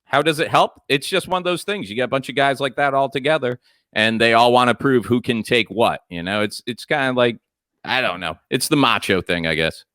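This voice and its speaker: Bright-voiced man telling a bar story. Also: medium pitch, brisk, no echo. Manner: storytelling, laughs often. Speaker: comedian co-host. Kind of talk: casual radio banter.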